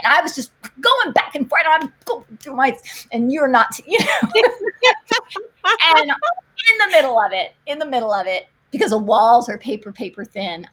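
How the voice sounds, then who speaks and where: A woman, a missionary nurse and guest, telling faith stories in conversation, animated and fervent, laughing often. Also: fairly high pitch, breathy edge. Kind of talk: emotional faith storytelling in conversation.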